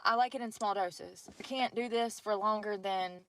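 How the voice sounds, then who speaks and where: A woman's voice: mid-range voice, moderate pace, a little hiss or hum. A breathless woman, rambling and cursing freely as she vlogs live outdoors in the snow by a river on a handheld phone. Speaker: vlogger. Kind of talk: casual livestream chat.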